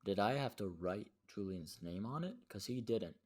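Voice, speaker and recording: A young man hosts his own show and tells a story in a casual, rambling way. His voice sits on the low side. He swears freely and peppers his talk with "dude". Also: normal speed. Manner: slangy and profane, says "dude" a lot, animated retelling. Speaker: podcast host.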